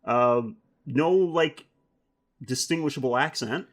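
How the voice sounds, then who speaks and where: A man's voice: mid-range voice, slow pace. A man co-hosting a horror film podcast in casual chat, rambling, swearing and laughing often. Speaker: podcast co-host.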